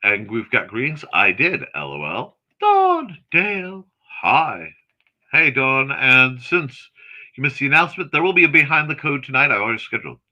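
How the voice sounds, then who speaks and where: A man hosting a morning livestream, chatting casually and reading viewer comments aloud in a chatty, excitable way with snarky asides. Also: medium pitch, moderate pace. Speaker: host of a morning livestream chat show.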